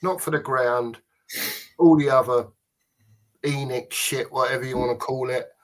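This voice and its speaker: A man with a Cockney accent co-hosting a casual pub chat show, blunt and quick to laugh. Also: mid-range voice, fairly even intonation. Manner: laughs often, blunt and chatty. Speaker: podcast co-host.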